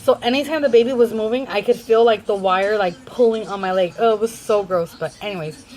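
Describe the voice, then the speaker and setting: A woman's voice: medium pitch, brisk, a little mellow, poor audio. A young adult woman vlogger rambling through a casual storytime in a chatty way.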